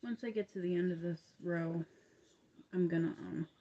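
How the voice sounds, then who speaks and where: A woman's voice: fairly low pitch, normal speed, highs cut off, a little hiss or hum. A young woman with an upstate New York accent, chatting casually and rambling while she crochets on a livestream. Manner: rambling, chatty, laughs often, many fillers.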